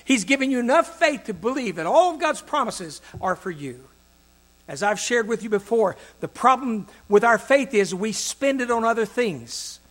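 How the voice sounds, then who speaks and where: A man preaching a sermon, acting out the voices in the stories he tells and swinging from loud to soft. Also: very high-pitched, expressive, moderate pace. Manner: dramatic, acts out quoted voices with big swings in loudness.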